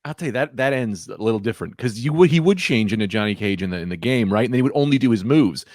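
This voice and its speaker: A man's voice: medium pitch, fast talker, no room sound, clean studio sound. A man co-hosting a comedy podcast, telling rambling, profane stories in casual banter. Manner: rambling, animated storytelling with profanity. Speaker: podcast co-host.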